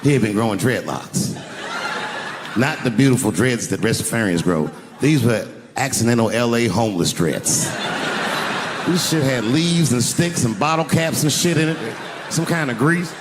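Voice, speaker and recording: Guy doing stand-up in a big arena, bouncy pitch, lots of hall echo and crowd noise. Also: moderate pace. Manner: animated, profane, acts out voices. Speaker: stand-up comedian. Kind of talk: stand-up storytelling. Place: large arena stage. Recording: live arena recording with long reverb and crowd noise.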